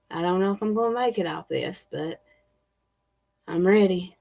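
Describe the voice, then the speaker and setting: A woman telling a personal story in a slow, halting way with many fillers. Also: lowish voice, creaky, a little mellow. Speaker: spiritual channel host. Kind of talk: casual storytelling.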